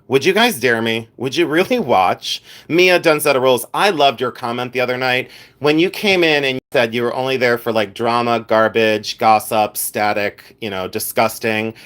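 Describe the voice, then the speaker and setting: Guy chatting on his live stream, playful and chatty, reads comments out loud, laughs a lot, middle pitch. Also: moderate pace, few pauses. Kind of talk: casual live-stream chat with viewers.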